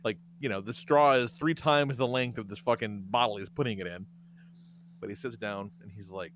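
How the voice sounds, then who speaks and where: A man hosting a podcast, telling profane, animated stories in casual chat and laughing often. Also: lowish voice, moderate pace, slight background noise. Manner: profane, animated storyteller who laughs a lot. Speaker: podcast host.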